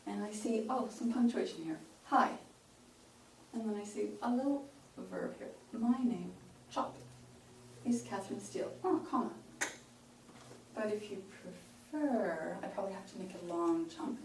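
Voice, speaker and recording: A woman's voice: mid-range voice, animated, normal speed, long pauses. A woman pronunciation coach giving a workshop talk, demonstrating phrasing in short chunks. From Canada. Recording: roomy sound from a distant mic, faint hiss.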